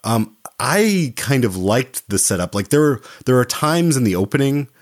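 A man's voice: medium pitch, big pitch swings, measured pace. A man co-hosting a film podcast, talking casually with many restarts and fillers. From Oklahoma, USA. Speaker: podcast co-host.

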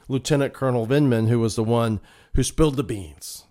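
A man's voice: medium pitch, brisk, mellow. Sarcastic man reading and mocking news. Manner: sarcastic, mock-emotional asides. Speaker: podcast host. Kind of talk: political commentary, reading news aloud. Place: Florida.

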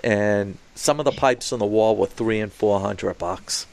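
Man, podcast co-host, casual storytelling, gravelly voice, animated. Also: on the low side, measured pace. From Boston. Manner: animated, acts out quoted voices.

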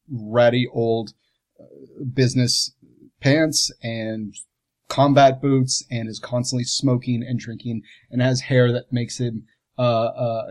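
A man's voice: mid-range voice, a little mellow. A man player in a tabletop role-play, casually describing his character, rambling and amused, with lots of fillers.

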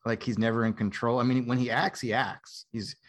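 A man's voice: mid-range voice, flat delivery, a little fast. A man chatting casually as a podcast co-host, blunt and opinionated, often laughing mid-sentence. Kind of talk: casual film chat.

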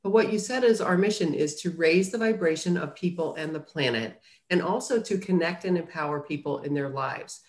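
A woman's voice: on the low side, brisk, few pauses, a little mellow. A woman publisher talking earnestly as a guest in an interview. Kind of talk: casual interview talk. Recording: roomy echo.

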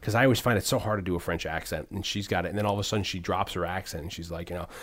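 A man's voice: sits low, racing, a bit bright. Rambling man on a podcast. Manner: rambling, many restarts and fillers. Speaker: podcast host. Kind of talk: casual movie chat.

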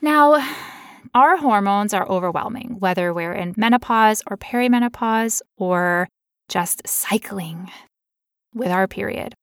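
A woman in her thirties co-hosts a podcast in a relaxed, chatty way. She sounds tired but stays playful and jokey. Her pitch sits in a middle range, and the recording is very dry and close. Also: normal speed, clear, resonant tone, dry recording. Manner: jokey, playful, breaks into laughter. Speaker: podcast co-host. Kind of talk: casual podcast chat.

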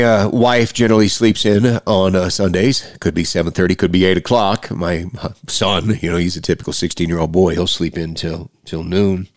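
A middle-aged podcast host with a deep, low voice speaks right into a close mic during a personal monologue. He sounds earnest but halting, frequently stopping to restart phrases. The recording is dry, with no room sound at all.

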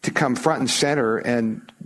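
Speaking a little slowly in a mid-range voice, a middle-aged American pastor delivers his sermon. He keeps it conversational and emphatic, regularly restarting what he's saying.

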